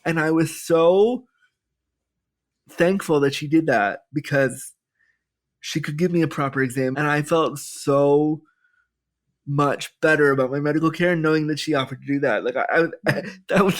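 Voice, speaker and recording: A man in his thirties, a podcast guest telling personal stories in a candid, animated way with lots of quoted dialogue. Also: a little high, moderate pace. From Canada. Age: 30s. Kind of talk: storytelling in a podcast interview.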